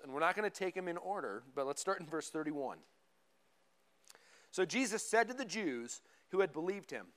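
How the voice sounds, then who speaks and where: Animated high-voiced male pastor preaching. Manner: animated, conversational, asks rhetorical questions. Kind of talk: sermon. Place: church sanctuary.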